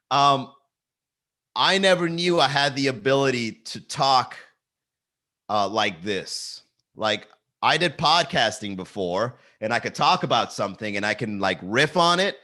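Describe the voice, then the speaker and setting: A man's voice: mid-range voice, animated, a little slow, pauses often, pushed and bright. A male comedian hosting a casual livestream from his garage, riffing at a camera and laughing at his own jokes. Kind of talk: casual solo livestream chat. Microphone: talking to a camera.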